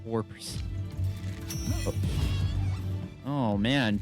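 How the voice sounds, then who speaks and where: A man talks through a video game in a loose, off-the-cuff way, grumbling and swearing when things go wrong. His voice sits at an ordinary middle pitch. Faint music plays under his voice. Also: moderate pace, darkish tone. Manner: frustrated, swears often, talks to himself while playing. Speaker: gaming YouTuber. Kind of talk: casual let's-play commentary.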